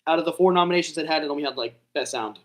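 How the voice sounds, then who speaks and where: A young man talks through a live reaction in a loose, rambling way, tossing in "bro" and "dude." His voice sits a little on the high side for a man. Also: rapid-fire, fairly bright tone. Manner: rambling, self-talking, says bro and dude. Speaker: vlogger reacting to an awards show. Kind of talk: casual live reaction chat.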